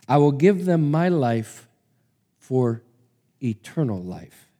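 A man preacher reading the lines of Jesus, calm and resolute, measured and slow. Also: mid-range voice. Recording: long hall reverb.

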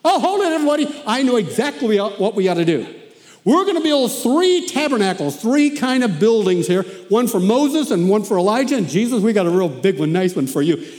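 A man voicing an impulsive, boastful male disciple who talks eagerly and loudly. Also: sits high, very animated, fairly quick, big-room sound. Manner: eager, blustering, loud.

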